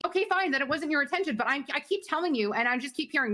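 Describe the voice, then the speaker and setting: A young woman in a heated, profane in-character argument, ranting fast and angrily. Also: sits high, expressive, fairly bright tone. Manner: angry, profane, rapid rants. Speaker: roleplayer in police department.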